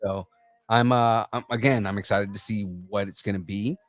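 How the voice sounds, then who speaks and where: A man's voice: fairly low pitch, steady tone, moderate pace, no echo. A man co-hosting a casual pop culture podcast, talking enthusiastically and rambling with lots of fillers. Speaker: podcast co-host.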